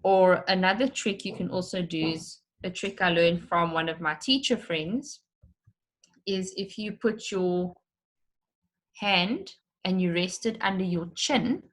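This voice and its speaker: A woman's voice: lowish voice, a bit bright. A woman teacher giving an online lesson for children, explaining step by step and stretching out words to show their syllables.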